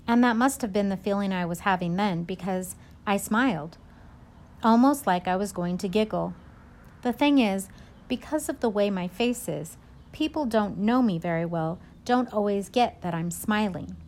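A woman narrating a first-person storybook in a gentle, measured way. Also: mid-range voice. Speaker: audiobook narrator.

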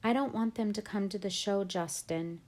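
A tearful, defensive teenage girl, as a woman reading an audiobook puts her on. She speaks in a lowish voice through her tears, apologising and pleading. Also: moderate pace, darkish tone, lightly acted. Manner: defensive, then sobbing and pleading.

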